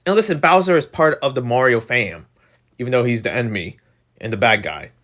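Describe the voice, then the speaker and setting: A young man reviewing a video game in a rambling, excitable way, full of fillers. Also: medium pitch, brisk.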